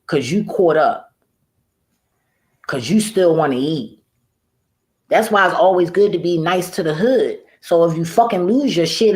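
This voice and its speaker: This woman's voice is medium in pitch with a darkish tone. Addressing the camera as a vlogger, she goes on a loose, rambling rant, swearing bluntly and often cracking herself up.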